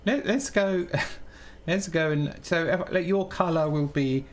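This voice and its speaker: A man streaming live while programming, thinking aloud in a halting way that keeps breaking off mid-sentence. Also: a little high. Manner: halting, self-interrupting, muttering while working.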